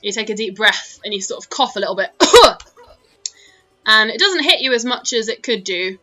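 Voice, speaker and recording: A woman's voice: fairly high pitch, expressive, moderate pace, sharp tone, faint music behind. A British woman narrating a tabletop game as dungeon master, chatty and full of fillers. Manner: chatty, laughing, lots of fillers.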